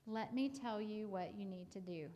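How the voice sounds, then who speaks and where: A woman's voice: mid-range voice, moderate pace, mellow, dull audio. A woman, counseling parents in a casual live talk, chatty with many fillers and restarts. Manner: acts out parents and kids in quoted lines.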